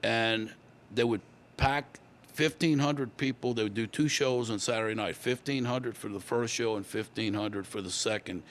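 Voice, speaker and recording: A man in his sixties from Louisiana, a guest musician telling stories in a relaxed interview, rambling along unhurriedly with many fillers. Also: medium pitch, moderate pace, a little hiss or hum.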